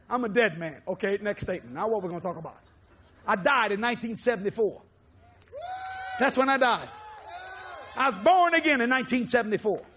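A man preaching a televised sermon, swinging from low murmurs to loud shouting.

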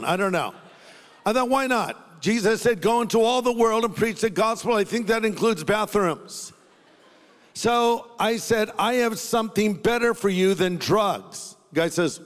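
High-voiced pastor preaching in a hall. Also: male voice, animated, normal speed. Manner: conversational, humorous, acts out voices in his story. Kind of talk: sermon with a storytelling anecdote. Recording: long hall reverb, faint music.

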